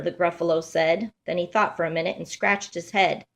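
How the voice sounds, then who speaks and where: A woman's voice: lowish voice, normal speed, gravelly, hardly any pauses. Woman reading a rhyming picture book aloud. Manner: lively, sing-song rhyming delivery with voices for the characters. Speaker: storybook reader.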